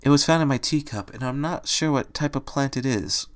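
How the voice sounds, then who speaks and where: A man voicing a timid, gentle young female pony who speaks softly and hesitantly. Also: medium pitch, a little fast, natural voice. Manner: shy, soft, hesitant.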